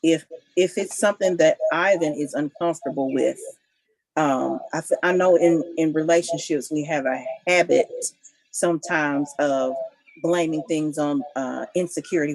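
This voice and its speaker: A woman's voice: low-pitched, normal speed, a little mellow, low-quality recording. A married woman on a couples panel, talking with passion and emphasis in casual discussion.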